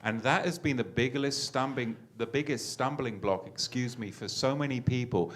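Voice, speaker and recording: A man's voice: medium pitch, moderate pace. A man teaching in an earnest way, repeating phrases as he works out his point. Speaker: Bible teacher.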